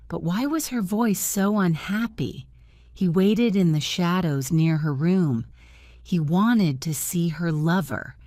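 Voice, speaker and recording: Slow, low-pitched woman reading a story. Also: darkish tone, dry recording, clean studio sound. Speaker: narrator. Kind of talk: graded-reader story narration.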